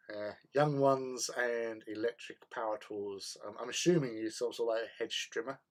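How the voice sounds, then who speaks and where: A man hosting a casual hobby livestream, chatting in a relaxed way and answering viewers' chat while he paints. He often repeats words as he thinks. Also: mid-range voice, unhurried. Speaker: livestream host.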